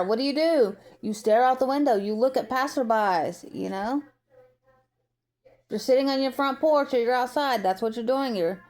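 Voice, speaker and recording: A woman from the United States, her voice on the high side and a little mellow, rambles through opinionated commentary in a casual vlog. Her speech is full of filler words.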